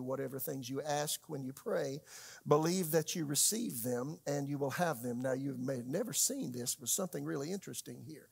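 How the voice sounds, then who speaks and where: Male pastor, high tenor, conversational sermon with big dynamic swings. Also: vocal fry, breathy edge. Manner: conversational preaching with sharp swings in pitch and loudness, rhetorical questions.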